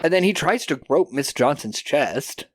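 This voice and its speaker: A man co-hosting a podcast, casually recapping a film and acting out the characters in quick put-on voices, with a lot of swearing. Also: on the high side, animated, no room sound, clean studio sound. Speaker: podcast co-host.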